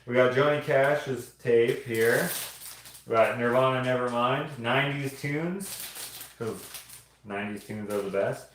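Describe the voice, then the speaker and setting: A man at an ordinary pitch talks loosely as he shows his art prints on a stream, joking, trailing off and laughing at himself. His voice rings around a very echoey room. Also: unhurried, slight background noise. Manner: rambling, jokey, laughs often. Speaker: artist streaming show-and-tell. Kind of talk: casual livestream chat.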